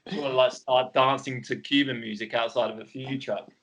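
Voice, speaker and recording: A man's voice: medium pitch, steady tone, fairly quick, a bit bright. A man, a guest on a podcast, chatting casually and rambling with plenty of fillers. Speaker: podcast guest, cookbook co-founder. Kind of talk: casual chat.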